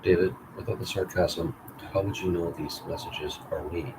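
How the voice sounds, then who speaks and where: A man's voice: deep voice, fairly even intonation, normal speed, distant mic, lightly acted. A man reading a dry, teasing woman. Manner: dry, matter-of-fact replies. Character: calm, teasing young woman. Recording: loud background noise.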